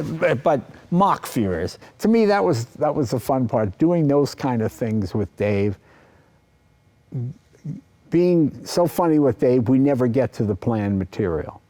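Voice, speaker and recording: An older man from the East Coast, a guest in an interview, telling stories and acting out quoted voices. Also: mid-range voice. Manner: animated storyteller, acts out quoted voices. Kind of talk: anecdotal interview talk.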